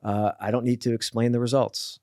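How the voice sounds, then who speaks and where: A man speaking in a blunt, animated way, piling up fillers and quick restarts as he tells his stories. His voice sits at an ordinary middle pitch. The sound is dry and close, with no room echo. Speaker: guest, author. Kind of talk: casual podcast conversation.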